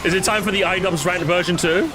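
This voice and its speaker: A man's voice: sits high, steady tone, quick pace. A young man chatting casually with viewers as he plays, rambling and swearing freely, with game music behind him. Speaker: streamer. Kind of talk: casual gaming commentary.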